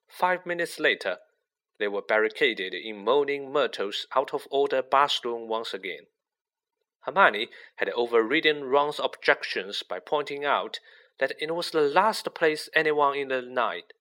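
A man reading a children's novel aloud as narrator, with lively expression. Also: mid-range voice, measured pace. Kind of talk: audiobook reading.

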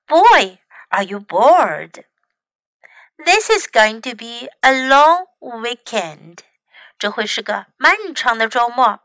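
A woman whose native language is Chinese, teaching English as a teacher and reading lines aloud with clear, careful enunciation. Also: fairly high pitch, big pitch swings, slow, a bit bright, no room sound, low-quality recording. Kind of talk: bilingual read-aloud lesson.

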